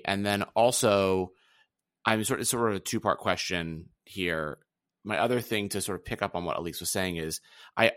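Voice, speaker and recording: Low-voiced man interviewer, dry sound. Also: fairly bright tone, no room sound. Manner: rambling questions. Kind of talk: interview questions.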